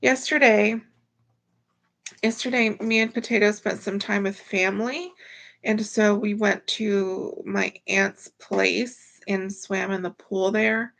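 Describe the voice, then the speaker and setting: A woman's voice: mid-range voice, steady tone, takes it slowly, gravelly, fairly bright tone. A tired woman hosts a casual livestream from home, greeting viewers by name. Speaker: livestream host.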